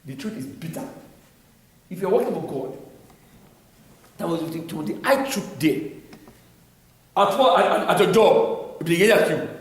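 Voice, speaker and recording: A man's voice: sits high, expressive. Nigerian man preaching in an echoey hall. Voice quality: halting, many repeated words. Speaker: church elder teaching. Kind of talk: Bible teaching sermon. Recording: very echoey room, faint noise.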